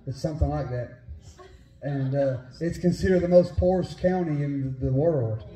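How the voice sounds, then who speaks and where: A high-voiced male pastor with a West Virginia Appalachian drawl, mixing folksy storytelling with fervent preaching. His tone is deep-set and dark despite the high pitch. The sound rings in an echoey church room. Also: moderate pace. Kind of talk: sermon with personal storytelling.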